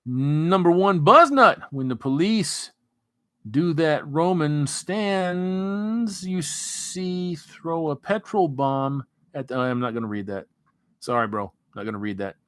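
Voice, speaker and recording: A man hosting a casual livestream, reading out viewer comments in a relaxed, rambling way before sliding into an earnest pep talk. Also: fairly high pitch, slow, clear, resonant tone, no echo. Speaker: livestream host.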